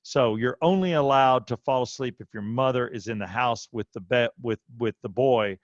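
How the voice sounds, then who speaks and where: Male co-host, 30s, lively storyteller, dull lo-fi dry sound. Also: moderate pace, dry recording. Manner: animated storyteller, voice jumps high when quoting himself. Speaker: podcast co-host. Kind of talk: casual chat.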